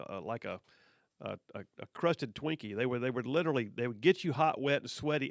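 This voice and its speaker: A middle-aged man hosts a radio talk show, telling stories casually in a creaky, medium-pitched voice. He chats along, repeating words and restarting often. The studio sound is clean with no room sound.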